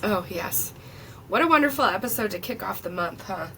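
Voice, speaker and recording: A woman's voice: medium pitch, animated, moderate pace. A woman hosting a podcast interview, encouraging her guest and laughing easily. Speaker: podcast host. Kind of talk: casual interview chat. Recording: distant mic with faint noise.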